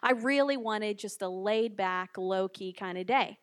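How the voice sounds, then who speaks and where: A woman's voice: medium pitch, measured pace. A woman minister from the Cincinnati area telling a story from the pulpit in a chatty way, acting out the dialogue and using many fillers. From Cincinnati area, USA. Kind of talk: storytelling sermon.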